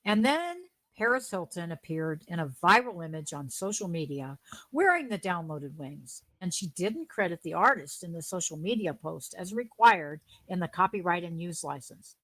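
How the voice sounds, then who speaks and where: A woman's voice: on the low side, lively intonation, moderate pace, fairly bright tone, dry recording, poor audio. A woman co-hosting a community news stream, reading scripted updates in an earnest, friendly manner. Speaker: co-host.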